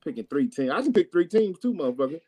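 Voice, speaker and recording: Man, high voice, loud and brash, swearing, teasing viewers, casual sports chat. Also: very animated, fast, slightly rough. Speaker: co-host reading viewer comments.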